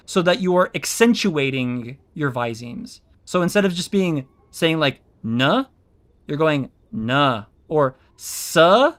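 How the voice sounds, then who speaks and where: Speaking into his own streaming mic, a man on his VTuber stream rambles through casual explanations, stumbling over ums and restarting sentences. His voice is a little high and a bit bright.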